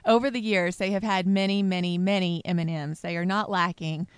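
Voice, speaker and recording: A woman's voice: on the low side, steady tone, brisk, smooth, dry recording. A woman co-hosting a casual chat about parenting, earnest, laughing often, acting out quotes. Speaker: co-host, mother.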